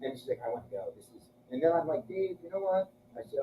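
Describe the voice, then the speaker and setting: A man on the higher side with a mellow sound and lively intonation rattles off crude, profane stories at a fast clip, acting out what the other characters said. There's slight background noise, and the room sounds echoey and muffled from afar.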